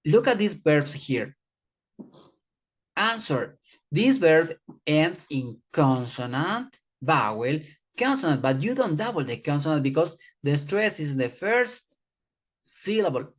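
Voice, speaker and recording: An English teacher giving a grammar lesson, repeating key words slowly and calling the learners guys. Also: medium pitch, very animated. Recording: dull lo-fi recording.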